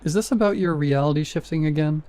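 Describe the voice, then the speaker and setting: A man reads out a young husband who speaks softly, gently coaxing his frightened wife. The tone is mellow and a little higher than usual for a man, in a storybook reading. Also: fast talker, close to an everyday voice. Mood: gentle. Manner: soft, coaxing.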